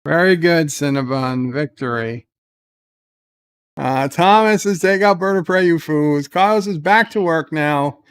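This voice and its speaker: A man's voice: a little high, measured pace, clean tone. A man streaming a strategy game, reacting aloud with grumbles, curses and cheers. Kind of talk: live game commentary.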